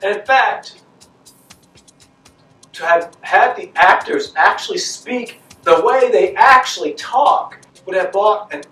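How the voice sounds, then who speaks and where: Slow-talking man reviewing a film. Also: high voice, a bit bright, distant mic. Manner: conversational, rhetorical questions, emphatic repetition. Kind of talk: casual spoken movie review. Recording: echoey room, voice off-mic, faint music.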